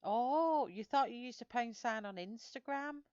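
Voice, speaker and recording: A woman's voice: a little high, normal speed, clear, resonant tone, no room sound, highs cut off. A woman with a broad Lancashire accent from Greater Manchester, chatting casually on a livestream and answering viewers' comments. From Greater Manchester, England. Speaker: livestream host colouring.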